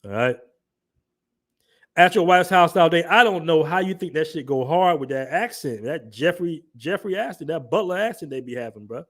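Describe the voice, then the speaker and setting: A man's voice: a little high, animated, fairly quick, hardly any pauses, fairly bright tone. A young man from the southern United States with an African American Vernacular English accent, hosting a livestream in loose, joking talk full of slang and reading the chat aloud. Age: young adult. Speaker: livestream host.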